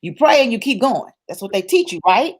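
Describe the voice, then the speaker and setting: A woman's voice: a little high, big pitch swings, fairly quick, breathy edge. A woman guest in an interview, telling a personal story in a colloquial, church-rooted way, emphatic and repetitive as she builds her points. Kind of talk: personal testimony in conversation.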